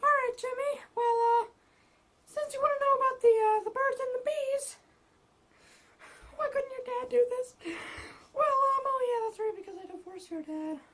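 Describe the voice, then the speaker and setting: Woman playing a squeaky flustered mom. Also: normal speed, a bit bright. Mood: awkward. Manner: rambling, filler-heavy, flustered. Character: awkward flustered divorced mother.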